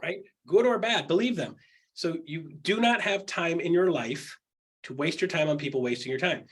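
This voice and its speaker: A man talks through coaching advice in a casual, punchy way. His voice sits somewhat high for a man and has a husky, breathy grain. He is emphatic and blunt, and he slips into quick put-on voices when he quotes people. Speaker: podcast host.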